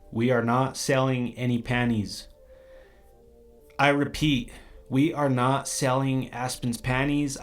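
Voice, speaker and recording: A young man hosting his own podcast, talking in a brash, profane, boastful monologue. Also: mid-range voice. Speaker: podcast host. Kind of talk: crude comedic monologue.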